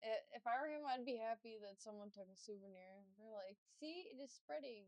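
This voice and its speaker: A woman in a casual chat, making quiet joking asides. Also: a little high, brisk, no room sound.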